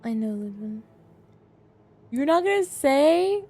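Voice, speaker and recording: Giggly high-voiced woman streamer. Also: animated, normal speed, a little mellow. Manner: giggly, chatty, reads chat aloud. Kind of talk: casual live game stream chat.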